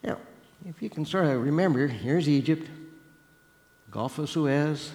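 A man's voice: fairly high pitch, measured pace, big-room sound. A man preaching a sermon, talking straight to his listeners and asking them questions, often restarting his sentences. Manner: animated, questioning the listeners directly, frequent restarts.

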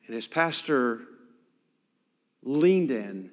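A man preaching a sermon as pastor, swinging dramatically between loud emphasis and hushed near-whispers. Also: a little high, measured pace. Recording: long hall reverb.

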